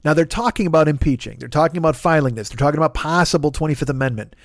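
Comedian guy ranting on his podcast, swears a lot, kinda high voice, dry close mic. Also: very fast, dry recording. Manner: exasperated, swearing, stammering restarts. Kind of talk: profane comedic rant.

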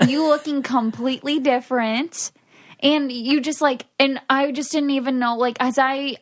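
A woman's voice: high-pitched, steady tone, moderate pace. A woman co-hosting a casual chat, telling stories in a chatty way full of "like". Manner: chatty, storytelling with many "like"s. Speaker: co-host.

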